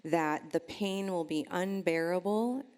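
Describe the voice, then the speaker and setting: A woman's voice: fairly low pitch, takes it slowly, a little mellow, clear, resonant tone. A woman on a panel discussion who talks in a reflective, questioning way.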